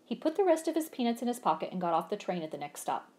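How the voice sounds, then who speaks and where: A woman reads a children's storybook aloud in an animated, expressive way. Her pitch rises and falls freely, and she acts out the sound effects with relish. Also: quick pace.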